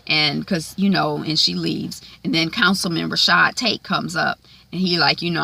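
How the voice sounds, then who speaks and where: A woman's voice: deep voice, fairly even intonation, normal speed, creaky, hardly any pauses, pushed and bright, husky, no echo. A woman casually recapping a TV episode, chatty, with lots of "um" and "like", acting out the characters' lines. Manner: chatty, frequent "um" and "like", acts out quoted lines.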